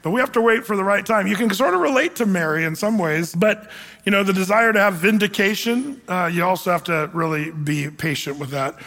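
High-voiced preacher in a reverberant hall. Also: male voice, fairly quick. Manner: conversational, animated preaching with humor. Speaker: pastor. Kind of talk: sermon.

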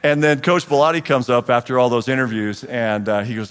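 A man in his forties, a guest speaker at a church men's group, gives a storytelling testimony and acts out the dialogue with lively energy. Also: medium pitch, brisk, few pauses, smooth. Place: church hall. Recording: long reverb of a large hall.

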